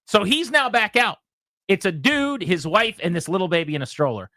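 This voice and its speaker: A man hosting a radio show, telling a story in a casual, animated way and acting out the voices of the people in it. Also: high voice, normal speed, no room sound, studio quality.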